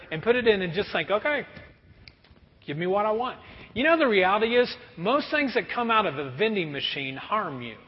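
A pastor preaching a sermon to a congregation, lively and often acting out everyday scenes in quick put-on voices. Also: male voice, sits high. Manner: animated, acts out kids and parents in quick voices. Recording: muffled sound with long hall reverb.

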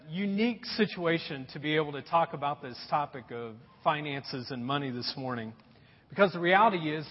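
A man's voice: on the high side, long reverb tail, muffled recording. A male pastor giving a conversational sermon, with jokes and stories woven in. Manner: conversational, joking storyteller.

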